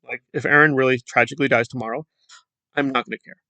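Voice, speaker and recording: A man's voice: mid-range voice, steady tone, fast talker, bright, forceful tone, no echo. A man hosting a casual commentary video, rambling and sardonic in a dismissive way. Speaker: commentary channel host.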